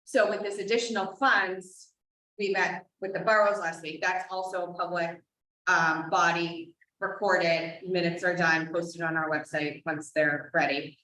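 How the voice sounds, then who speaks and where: A woman giving a hesitant update at a public board of health meeting, with many pauses and restarts. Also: fairly low pitch, fairly even intonation, bright, forceful tone. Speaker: board of health member, alternate regional representative. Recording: roomy echo, distant mic.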